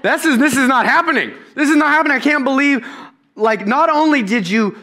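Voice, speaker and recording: Man acting out a furious young carpenter, high-pitched, sharp and incredulous, loud. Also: brisk. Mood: outraged. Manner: incredulous, exasperated outbursts. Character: indignant young male carpenter fiancé.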